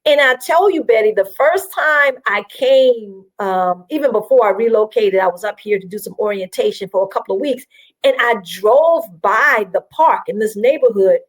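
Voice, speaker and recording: A woman from South Carolina, guesting on an interview show, shares her story at a moderate pace with a somewhat high voice. Fillers crop up often in her animated, chatty telling, and the audio is poor.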